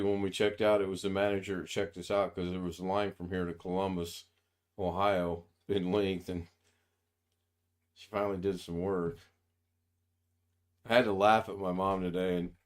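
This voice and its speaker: Male host, American, low voice, wry storyteller, casual home stream. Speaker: livestream host. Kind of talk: casual chat.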